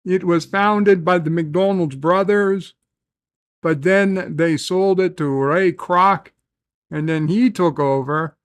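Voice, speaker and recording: A man's voice: high voice, slow pace. A man putting on a cheerful, hammy Australian reporter persona in a joking live-stream bit, throwing in "oi" and "mate.". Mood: boisterous. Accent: put-on Australian. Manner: boisterous, peppers talk with "oi" and "mate".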